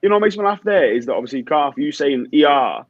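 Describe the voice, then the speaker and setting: A young man co-hosting a casual football chat, excitable and swearing a lot. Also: on the high side, fast, no echo, highs cut off. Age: young adult. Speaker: co-host.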